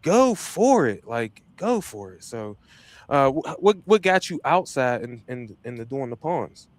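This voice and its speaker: Male podcast host, middle pitch, hyped slangy motivator, dry recording. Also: lively intonation, measured pace, no echo. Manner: hyped, slangy, repeats himself. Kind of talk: casual motivational chat.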